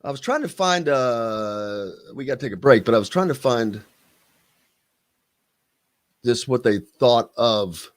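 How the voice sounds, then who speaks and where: A man from Southern Indiana with a Southern Indiana accent, hosting a sports radio show in an excitable, animated way from a radio studio. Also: medium pitch, unhurried, pauses often. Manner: animated, excitable, hums jingles. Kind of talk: casual sports radio chat.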